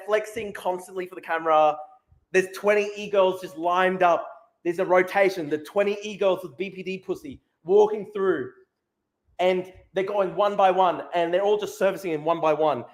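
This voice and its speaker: A man's voice: sits high, steady tone, normal speed. A man in his twenties with an Australian accent, ranting profanely and mock-despairingly as a show host from a small studio. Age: 20s. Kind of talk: comedic rant.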